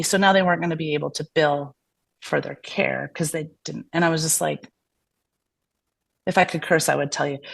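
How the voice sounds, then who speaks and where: This woman has a lowish voice with vocal fry. As a physician guest on a casual podcast, she talks candidly, performing the dialogue in her stories and frequently restarting or using fillers.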